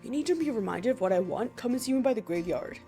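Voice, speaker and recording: A woman's voice: on the high side, expressive, quick pace, mellow, faint music behind. A woman voicing a pompous, bossy lobster detective in a game. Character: pompous male lobster detective, self-important.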